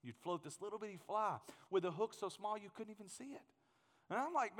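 Male pastor, lively storytelling sermon, slightly high voice, long hall reverb. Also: a little fast. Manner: animated, humorous, acts out scenes.

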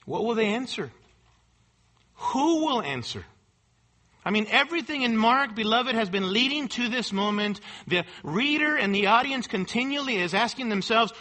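Bright, forceful high-voiced male preacher. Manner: emphatic, repeats rhetorical questions to the congregation. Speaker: pastor. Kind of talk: sermon.

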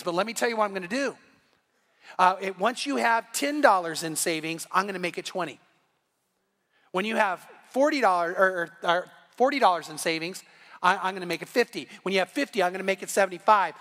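A man's voice: high voice, long reverb tail. A middle-aged male pastor preaching a sermon, telling stories with animation and acting out the voices of God and biblical figures. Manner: animated storytelling, voicing God and Bible figures. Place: church sanctuary.

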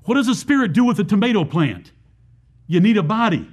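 A man's voice: high-pitched, very animated, brisk, husky. A man preaching a Baptist sermon, asking the congregation rhetorical questions and explaining scripture verse by verse.

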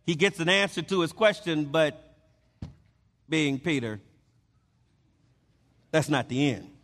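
A man's voice: a little high, lively intonation, slow, fairly bright tone, long reverb tail. A man preaching a sermon, emphatic, often stammering and repeating his words.

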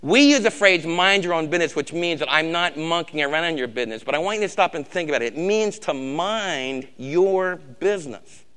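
Bright, high-voiced male preacher. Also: expressive, normal speed, few pauses, smooth. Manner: emphatic, swinging from loud exhortation to hushed intimacy. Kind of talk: sermon.

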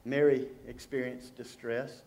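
A middle-aged man preaching a sermon as a pastor, telling stories and shifting from loud humor to hushed, intense appeals. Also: medium pitch, level tone, measured pace, vocal fry. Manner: storytelling, swings from loud jokes to hushed intensity.

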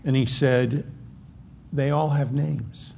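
A man preaching a sermon, emphatic and conversational, slowing down to stress points. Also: mid-range voice, steady tone, vocal fry, warm tone. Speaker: pastor. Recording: long hall reverb, faint noise.

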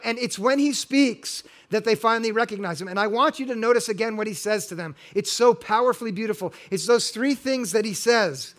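A man's voice: sits high, brisk, hardly any pauses, fairly bright tone. A middle-aged male pastor preaching a sermon, earnest and building to emphatic exhortation.

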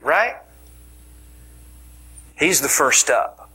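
A man's voice: on the high side, big pitch swings, very slow, sharp tone, slightly rough. A man preaching a sermon, telling the story with jokes and dropping into whispers for emphasis. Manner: playful, joking storytelling, with sudden whispers.

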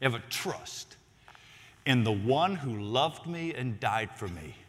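A man preaching a sermon as a pastor, swinging between loud emphatic lines and near-whispered ones. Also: mid-range voice, big pitch swings, slow pace, breathy edge, in a large hall.

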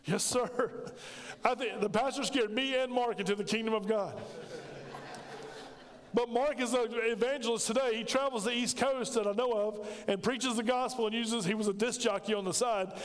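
A man's voice: very high voice, fairly even intonation, moderate pace, in a large hall. A middle-aged man preaching a sermon, telling a personal story and acting out the dialogue. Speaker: pastor.

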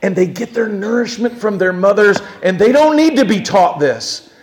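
A male preacher with a high-set voice gives a sermon and puts questions straight to his listeners. He swings from loud, emphatic passages down to near-hushed ones. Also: expressive, moderate pace. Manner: speaks directly to listeners with questions.

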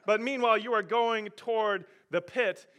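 A man pastor preaching a sermon, animated and emphatic, rising and falling in volume. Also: sits high, moderate pace, a faint crowd.

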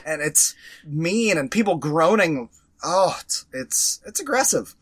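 A man co-hosting a casual podcast chat, animated and swearing freely as he acts out scenes. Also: a little high, measured pace, husky. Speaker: podcast co-host.

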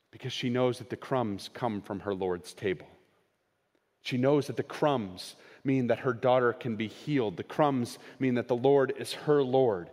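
A man preaching a sermon, swinging between raised, quoted lines and hushed, slowed emphasis. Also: mid-range voice. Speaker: pastor. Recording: long hall reverb.

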